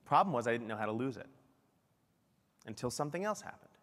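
Animated man speaking in a big hall. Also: medium pitch, fast. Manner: animated, self-deprecating storytelling. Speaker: keynote speaker. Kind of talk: conference talk. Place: large conference hall.

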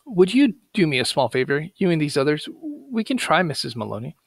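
A soft-spoken grieving housewife who pleads gently and hides her scheming, as a man reading a story puts her on. The voice sits a little higher than his usual talk, gravelly, in a dry room. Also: big pitch swings, fairly quick, no echo, exaggerated voice. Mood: pleading.

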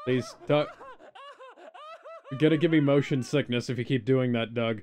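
A man's voice: mid-range voice, fairly even intonation, normal speed, a little mellow. A man co-hosting a live stream, reacting to a video with dry, teasing remarks. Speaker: stream co-host. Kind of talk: casual reaction chat.

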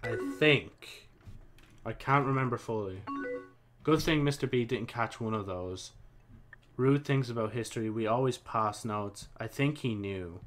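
A man's voice: mid-range voice, unhurried, fairly bright tone, soft background music. A young man hosting a let's play, casually reading chat messages aloud and commenting as he types, swearing now and then. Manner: casual, mumbling, swears freely, reads and types as he talks. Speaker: gaming channel host.

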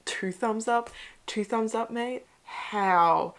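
A woman's voice: a little high, slow. A young woman hosting a casual movie reaction, chatty and emotional, with whispered asides. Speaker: host.

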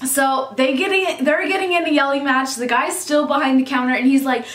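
A young woman in her twenties tells a story in a chatty, casual way, swearing freely and filling her speech with "like." Her voice sits high, and the room around it is echoey. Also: unhurried, few pauses, a bit bright. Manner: chatty, swears often, says "like" constantly. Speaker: vlogger.

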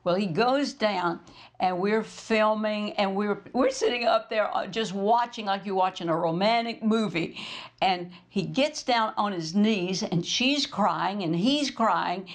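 A woman's voice: medium pitch, measured pace. A woman minister hosting her program, telling a story as a sermon and acting out the dialogue in it. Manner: animated storyteller, acts out quoted dialogue.

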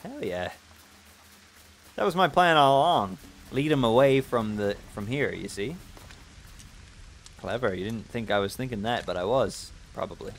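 A man hosting a gaming video, giving playful, self-mocking let's-play commentary that breaks into loud excited yelps. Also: mid-range voice, moderate pace, pauses often, slight background noise. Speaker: gaming channel host.

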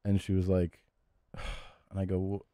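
A man hosting a podcast, telling a story in a relaxed way with fillers. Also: low-pitched, moderate pace, dry recording. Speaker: podcast host. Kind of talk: casual chat.

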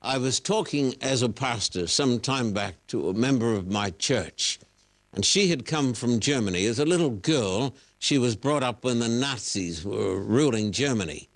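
A man's voice: medium pitch, lively intonation, normal speed. A man hosting a broadcast religious interview in a studio. He is a pastor, and his questions come out earnest and probing. He stresses key words the way he would from a pulpit.

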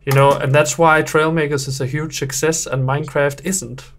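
A young man commentating on a video game with a relaxed, joking tone. His voice sits a little higher than most men's, and he ribs his co-host constantly. It sounds like easygoing chatter between colleagues. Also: normal speed, a little hiss or hum. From Denmark. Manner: playful, teasing banter. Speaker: game developer and build challenge judge. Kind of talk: casual gameplay commentary.

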